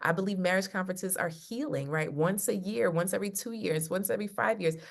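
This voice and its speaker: A woman's voice: medium pitch, a little fast, vocal fry. A woman love coach talking casually over a video call, acting out quotes as she tells stories. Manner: animated storyteller acting out quotes. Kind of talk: casual chat.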